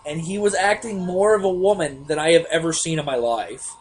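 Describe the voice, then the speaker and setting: A young man co-hosting a casual podcast, telling profane stories with lively put-on voices. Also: on the high side, a little fast, a little hiss or hum. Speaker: podcast co-host. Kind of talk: casual chat.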